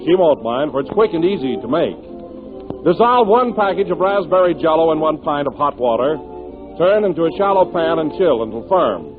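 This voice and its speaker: A man reading announcements and a commercial in a smooth, upbeat 1930s radio style. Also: a little high. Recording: tinny old radio broadcast with music.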